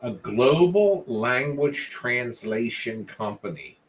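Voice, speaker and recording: A man hosting a casual late-night video diary, talking in a low-key, mumbling way. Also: animated, slow. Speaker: vlog host.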